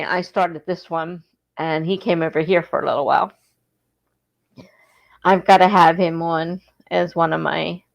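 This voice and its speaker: A woman's voice: lowish voice, vocal fry, rough recording. A woman from the East Coast of the United States hosting a casual livestream, rambling and correcting herself as she grows sleepy. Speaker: livestream host of writing sprints.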